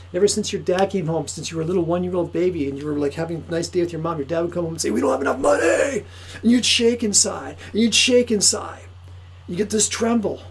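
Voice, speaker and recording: A man giving an excitable, repetitive motivational sales pitch to camera for his course. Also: creaky, a little hiss or hum, poor audio. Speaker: course promoter.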